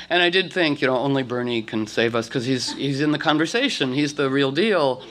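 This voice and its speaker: A man's voice: medium pitch, brisk, few pauses, slight background noise. A man telling rambling stories to a group, acting out quotes and restarting often. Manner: animated, acts out quotes, many restarts. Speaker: speaker addressing a group. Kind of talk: rambling storytelling talk.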